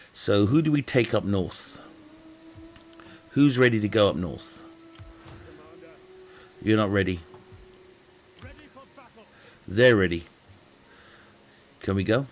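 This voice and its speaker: A man's voice: lowish voice, very animated, slow pace, long pauses. A man streaming a game, chatting casually in a rambling, joking way, laughing often and swearing. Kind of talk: casual live-stream chat.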